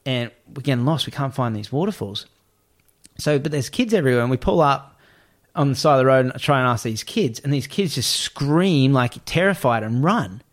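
A man telling a travel story in casual chat, animated, acting out the voices of the people in it and swearing freely. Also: medium pitch, moderate pace.

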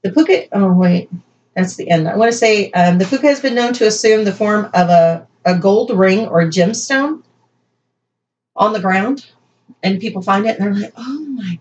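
A woman's voice: medium pitch, moderate pace, a little mellow. Chatty woman podcaster, dull lo-fi sound. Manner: chatty, riffs and asides, plays with emphasis. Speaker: podcast co-host. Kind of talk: casual chat reading folklore notes.

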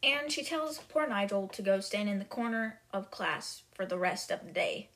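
A woman with a mid-range, animated, slightly bright voice hosts a podcast at normal speed, casually recapping book chapters. Her chatty retelling is heavy on fillers, with constant "like" and "she's like."

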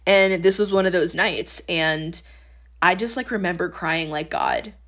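A woman's voice: fairly low pitch, steady tone, unhurried, a bit bright. A woman in her twenties, a podcast host, sharing her faith testimony in a casual, earnest way full of "like". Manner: casual, earnest, heavy use of "like".

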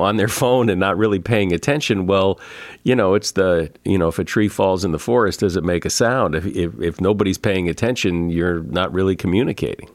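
Low-voiced male podcast host. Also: no room sound, studio quality. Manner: halting, restarts often while framing questions. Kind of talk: interview conversation.

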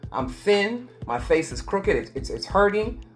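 A woman telling a personal story as a guest in an earnest, repetitive way, slowing down for emphasis. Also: medium pitch, sing-song, soft background music. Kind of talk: emotional personal testimony.

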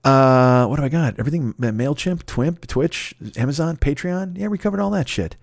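A man's voice: on the high side, animated, moderate pace, creaky, no room sound, clean studio sound. Man ranting, profane and exasperated. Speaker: podcast host. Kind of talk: comedic solo rant. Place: his home.

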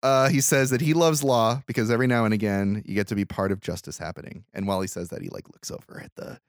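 A man's voice: lowish voice, steady tone, fast talker, no room sound, clean studio sound. A man casually retelling a movie scene by scene on a podcast, acting out the characters' lines with loose swearing. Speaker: podcast host. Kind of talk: casual movie recap chat.

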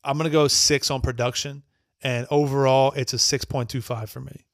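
A man's voice: medium pitch, level tone, normal speed, no room sound, studio quality. A man co-hosting a podcast, giving blunt, profanity-laced album ratings in casual chat and teasing his co-hosts. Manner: blunt, swears freely, teasing. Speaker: podcast co-host.

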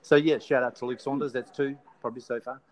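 Australian male co-host, loose rambling banter, ordinary middle pitch. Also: steady tone, fast talker, a little mellow, rough recording. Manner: rambling, teasing, with many fillers and restarts. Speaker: podcast co-host. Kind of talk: casual podcast chat.

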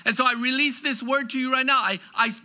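Preacher guy with a really high bright voice, fervent sermon, drawn-out declaring lines.

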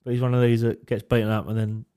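Sweary British bloke telling door stories. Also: male voice, fairly low pitch, fast talker, smooth. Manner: sweary storytelling, animated quotes. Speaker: podcast co-host. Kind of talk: casual chat.

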